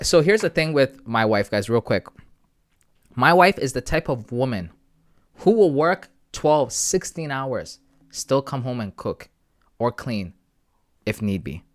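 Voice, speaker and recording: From home, a Canadian man with a medium-pitched voice chats casually on a live stream, reading out viewer messages and answering them. He speaks into a close, sensitive desk mic.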